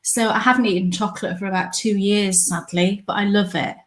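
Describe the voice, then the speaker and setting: A woman's voice: mid-range voice, brisk. A woman co-hosting a live podcast show, chatting casually and telling stories with enthusiasm. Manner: chatty, enthusiastic, animated storytelling. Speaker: podcast co-host. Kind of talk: casual chat. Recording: live stream from home.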